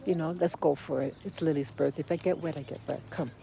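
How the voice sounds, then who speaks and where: Woman, outdoor walking vlog, emotional rambling, low pitch, faint street noise. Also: steady tone, quick pace, gravelly, mellow. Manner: rambling, emotional, talks to her little boy. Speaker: vlogger.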